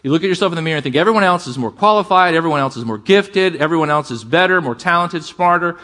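A man preaching a sermon to a congregation, calling for amens and shifting between fast bursts and slow, quiet emphasis. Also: on the high side. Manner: energetic preaching, calls for amens, varies pace and volume. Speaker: pastor.

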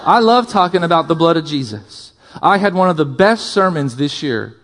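A male pastor preaching a sermon, impassioned, with loud emphatic build-ups, quieter asides and jokes for the congregation. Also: on the high side, lively intonation, fairly quick, hardly any pauses, a little hiss or hum.

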